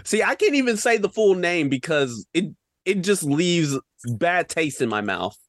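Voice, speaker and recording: A young man rants about films on a podcast, firing off rhetorical questions in casual slang. His pitch swoops up and down with a lot of life, and the close mic sounds dry with no room echo. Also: a little slow. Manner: animated, ranting, rhetorical questions, slang-heavy. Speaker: podcast co-host. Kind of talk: casual film-review rant.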